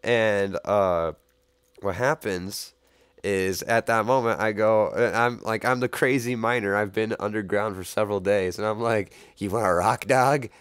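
A man getting over a cold, chatting casually while playing a game and telling animated stories with lots of laughing. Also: lowish voice, a little slow, smooth, no echo, clean studio sound. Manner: animated storyteller, laughs often. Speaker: gamer. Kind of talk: casual gameplay chat.

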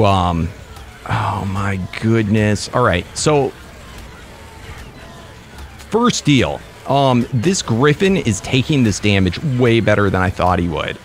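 A young man commentating his own gameplay, excitable and quick to break into frustrated outbursts. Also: fairly low pitch, slight background noise. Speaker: let's play gamer.

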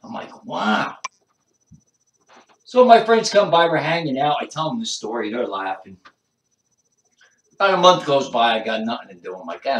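A man's voice: mid-range voice, fairly bright tone, recorded from a distance. A man telling a rambling stand-up story, circling back and repeating himself as he goes. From New Jersey. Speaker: comedian. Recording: echoey room, voice off-mic.

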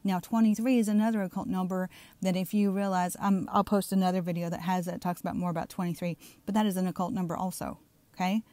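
A woman's voice: lowish voice, steady tone, fast talker, warm tone, no echo. Fired-up Southern woman preaching. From Southern United States. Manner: emphatic, keeps asking "okay?"; fired up and insistent. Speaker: online preacher. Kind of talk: fiery religious commentary video.

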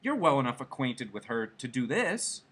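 A timid clerk husband stammers and coaxes, keen to please, as a male reader puts him on. His voice is husky and lively, rising and falling as he talks, in a storybook read aloud. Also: medium pitch, normal speed. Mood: eager. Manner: stammering, hopeful.

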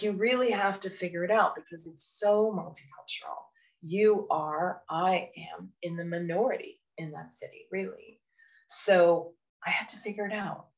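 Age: adult. Sex: woman. Origin: Canada. Role: phone communication trainer. Style: encouraging webinar talk, slightly low voice. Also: creaky, lo-fi sound. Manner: earnest, encouraging, with frequent "you know" asides. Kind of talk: webinar presentation.

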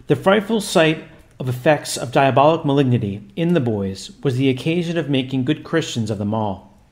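A man narrating a religious history as a storyteller, in a steady, formal reading voice. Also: medium pitch, normal speed.

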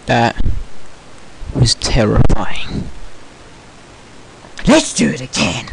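A man's voice: mid-range voice, sing-song, extremely slow, vocal fry, low-quality recording. A man giving jokey let's play commentary on a horror game, talking to his viewers and to the monster. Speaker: gamer. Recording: loud hiss behind the voice.

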